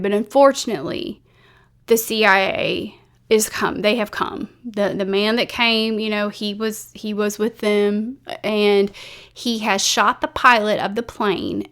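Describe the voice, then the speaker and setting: A woman host tells a true-crime story in a loose, chatty way, full of fillers and restarts. She speaks at a middle pitch, blunt and openly emotional about what she describes. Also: smooth. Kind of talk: casual storytelling to camera.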